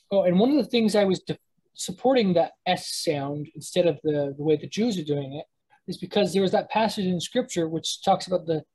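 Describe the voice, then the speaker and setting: A woman's voice: fairly low pitch, dark tone, breathy edge, rough recording. A woman teaching a Hebrew pronunciation lesson to a live class, thinking aloud with many restarts and self-corrections as she sounds out words. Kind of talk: live class lecture with students.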